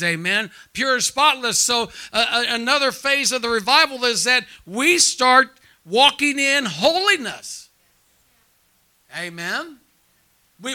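Pastor preaching revival, high sharp voice, lots of amens, goes hushed for his story. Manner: preaching with frequent amens and call-and-response; drops quiet and hushed when telling his testimony. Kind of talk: sermon.

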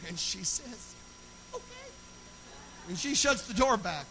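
A man pastor preaching a sermon, telling a personal story that builds into loud, chanting preaching. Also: high-pitched, animated, a little fast, vocal fry, poor audio.

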